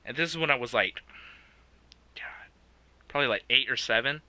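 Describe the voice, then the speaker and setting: A man's voice: mid-range voice, racing, pushed and bright, dry recording. A young man co-hosting a podcast, telling a childhood story in casual chat, laughing often and swearing. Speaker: podcast co-host.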